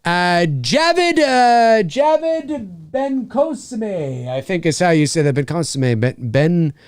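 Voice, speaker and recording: With a clean, high-sitting voice and an unhurried pace, a middle-aged voice actor chats casually in a livestream Q&A. Animated, he rambles and restarts often, speaking into a studio microphone at home with no room sound.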